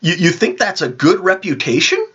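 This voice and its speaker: A man hosting a vlog, telling an animated, rambling anecdote with lots of restarts, on a dull lo-fi recording. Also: high-pitched, normal speed, breathy edge. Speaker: vlog host. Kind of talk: casual storytelling chat.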